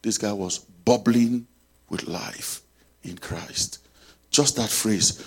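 Husky-voiced man preaching with fervor. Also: lowish voice, slow. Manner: emphatic, swings between loud and soft. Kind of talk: sermon with story and prayer.

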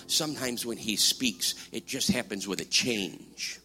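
A man preaching a sermon, swinging from hushed, slow passages to loud, emphatic ones. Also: lowish voice. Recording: music playing behind voice.

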